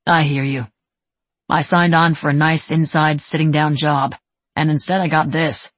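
A friendly young man in training who teases easily, voiced by a woman narrator, sitting low in pitch with a husky edge. The read is dry and close, a relaxed storybook voice that jokes its way along. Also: moderate pace, no echo. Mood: easygoing. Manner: easygoing, joking. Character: wry male military trainee, friendly and teasing.

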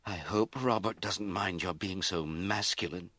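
A man's voice: sits low, a little slow, bright, forceful tone, no room sound, pitched above the performer's own voice, full character voice. A man reading an audiobook, voicing a middle-aged aristocratic mother who scolds and wails and rises to fury. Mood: scolding. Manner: wailing, scolding, rising to fury.

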